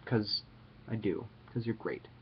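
A man's voice: lowish voice, a little slow, husky, highs cut off. A man chatting casually to his viewers in a playful, jokey, rambling way. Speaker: vlogger. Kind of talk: casual chat to camera.

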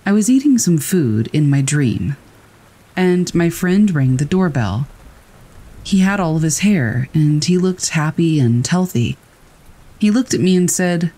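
A man reading scary first-person stories aloud in a calm, steady storytelling voice. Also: a little high, measured pace. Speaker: narrator. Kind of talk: scripted narration of scary stories. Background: rain.

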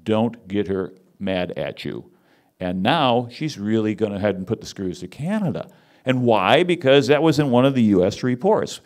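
A man giving a conference talk, wry and animated, teasing his audience as he speaks. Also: mid-range voice, normal speed. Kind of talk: lively lecture with audience banter.

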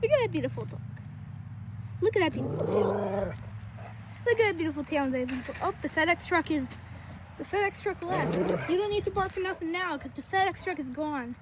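A woman's voice: high voice, animated, fairly quick, long pauses, very noisy. A woman vlogging casually outdoors with her dogs, chatting to them fondly on a handheld camera. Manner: chatty, talks to the dogs in a fond sing-song. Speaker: pet vlogger. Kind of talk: casual vlog with pets. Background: dogs barking.

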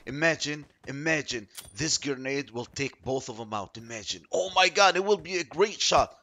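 A man giving chatty, excitable commentary while playing a shooter game, yelping when surprised. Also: mid-range voice, normal speed, slight background noise. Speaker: mobile game streamer.

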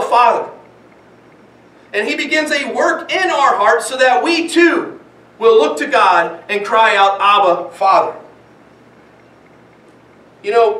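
A man's voice: very high-pitched, pushed and bright, echoey room, far from the mic. A man preaching a sermon as pastor, earnest, with many rhetorical questions and repeated phrases. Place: church sanctuary.

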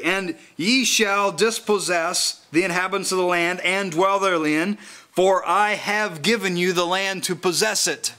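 A man preaching a sermon at a house church, slowly reading scripture aloud and then explaining it in a conversational way. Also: high-pitched, pushed and bright.

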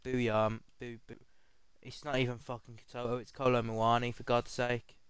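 Excitable swearing gamer. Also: male voice, mid-range voice, normal speed, clean tone, no echo. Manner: excitable, swears often, pleads and yelps at reveals. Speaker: gaming content creator. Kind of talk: pack-opening commentary.

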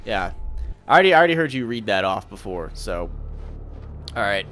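Fluchender junger Mann beim Zocken. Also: male voice, fairly low pitch, a little fast, a little hiss or hum. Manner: excitable, swearing, thinking aloud. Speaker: gameplay commentator. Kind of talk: casual gameplay commentary.

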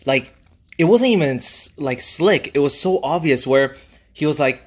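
A man's voice: a little high, animated, moderate pace, slightly rough. A man co-hosting a food video, chatting casually between bites and telling rambling stories with lots of fillers. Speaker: mukbang co-host. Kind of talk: casual chat while eating. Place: indoors at a dining table.

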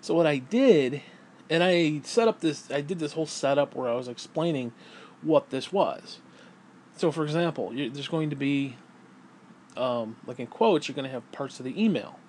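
A man's voice: on the high side, moderate pace, a little mellow, slight background noise. Rambling, profane man vlogging. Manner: rambling, profane, self-interrupting, laughs often. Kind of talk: casual rambling monologue.

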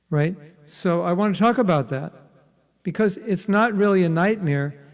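A man's voice: on the high side, in a large hall. A man teaching a spiritual workshop in a conversational way, often checking in with his listeners. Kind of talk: interactive spiritual workshop talk.

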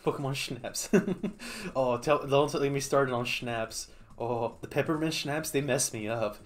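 A man's voice: mid-range voice, fairly even intonation, unhurried. Giggly man streaming a game. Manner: playful, giggly, talks to the game. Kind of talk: casual gameplay commentary.

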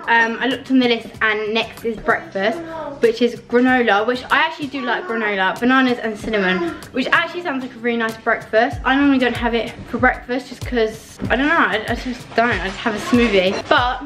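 A teenage girl from Britain, chatty and expressive, talking casually to camera for a family vlog. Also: fairly high pitch. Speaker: vlogger daughter.

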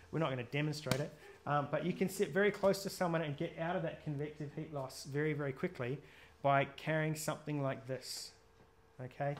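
Chatty New man teaching outdoor safety. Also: on the high side. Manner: chatty, jokey, quizzes the audience. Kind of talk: live gear workshop talk.

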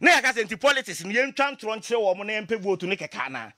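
A man with a Ghanaian accent, speaking as a political commentator in a lively talk show discussion, passionate and full of rhetorical questions. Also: high voice, quick pace, dry recording, studio quality. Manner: passionate, mixing Twi and English, rhetorical questions.

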